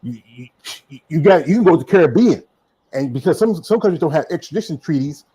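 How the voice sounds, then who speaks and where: A man's voice: on the high side, lively intonation, brisk, mellow, slightly rough, rough recording. Man, southern accent, podcast host, casual rambling talk, lots of fillers. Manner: rambling, many fillers and restarts. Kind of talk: casual chat.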